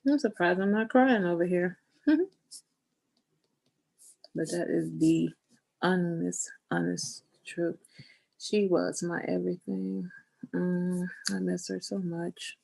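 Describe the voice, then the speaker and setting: A woman leads an online scrapbooking class in a slow, gravelly voice, close to tears. Her tone is folksy and down-to-earth as she talks through her work. Her pitch sits low for a woman. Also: steady tone. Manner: tearful, soft-spoken, talks while working. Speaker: scrapbooking instructor.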